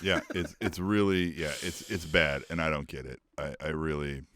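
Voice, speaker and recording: A man's voice: very deep voice, steady tone, normal speed, fairly bright tone, no room sound, clean studio sound. A man co-hosting a wrestling podcast in casual chat, sounding exasperated, swearing and trailing off into restarts.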